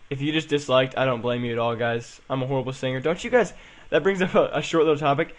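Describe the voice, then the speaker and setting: A man's voice: medium pitch, fast talker. A young man chatting casually as he plays and comments on a game, rambling and saying "um" and "guys" a lot. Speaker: gaming channel host.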